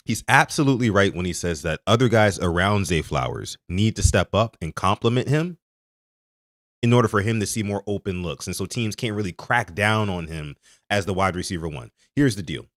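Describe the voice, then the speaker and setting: Lively low-voiced podcast host. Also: male voice, no echo, clean studio sound. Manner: animated, talks to his chat, stresses key words. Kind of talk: sports podcast commentary.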